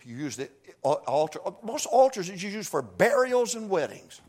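A man preaching a revival sermon in a church, folksy and joking, pleading softly one moment and shouting from afar the next. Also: high voice, very animated, normal speed. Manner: swings from hushed pleading to far-off shouting. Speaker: guest preacher. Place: church sanctuary.

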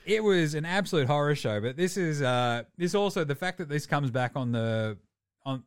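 A man in his thirties with an Australian accent, talking sport in a loud, swearing rant. His voice sits a little high for a man, and it jumps higher still when he gets worked up. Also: normal speed, clear, resonant tone, no echo. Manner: profane, ranting, animated. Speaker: podcast co-host. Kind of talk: casual sports chat.

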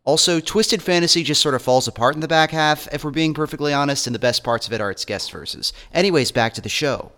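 A man co-hosts a podcast and delivers a blunt, sardonic update. His voice has a bright, forceful edge, and a long reverb trails behind it. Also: on the high side, fast talker, hardly any pauses. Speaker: podcast co-host. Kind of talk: recorded update note.

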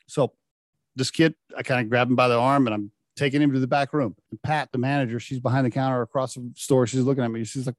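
A middle-aged man telling a casual anecdote about his job. He laughs often and acts out the dialogue with lively shifts in his voice. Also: mid-range voice, a little fast, dry recording, clean studio sound. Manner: animated, laughing often, acting out quoted dialogue. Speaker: storyteller recounting a work anecdote.

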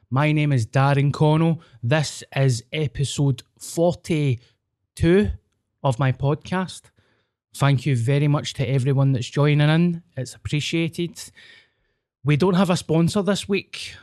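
A man with a Glaswegian Scottish accent hosting a podcast, rambling in a casual, sweary, deadpan way. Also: medium pitch, dry recording, clean studio sound. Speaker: podcast host. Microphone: podcast mic.

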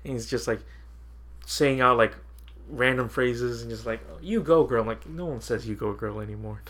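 A man's voice: mid-range voice, steady tone, moderate pace, pushed and bright. Rambling, laughing podcast host man. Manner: rambling, laughs often, quotes himself. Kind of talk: casual chat.

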